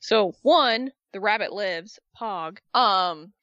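Woman, co-host, sarcastic, animated storytelling, dry, muffled lo-fi. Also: medium pitch, slow pace, dry recording. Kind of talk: casual wrestling recap chat.

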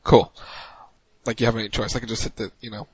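Husky-voiced man hosting a radio talk show. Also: fairly low pitch, level tone, quick pace, a little mellow, dry recording, dull audio. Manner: loose, joking, often repeats himself. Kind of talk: casual chat.

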